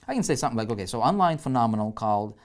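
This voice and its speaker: A man's voice: medium pitch, very animated, racing. A man teaching online marketing on a live screen-share, chatty and full of "right?" check-ins and restarts, with keyboard typing heard behind him.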